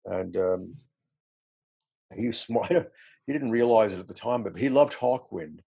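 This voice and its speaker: A middle-aged man recalls his band's history in a casual, rambling interview. His voice is low and dark, with a gravelly, husky grain. He laughs easily and pokes fun at himself. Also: lively intonation, measured pace, muffled recording. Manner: rambling storyteller, self-deprecating, laughs often. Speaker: musician guest.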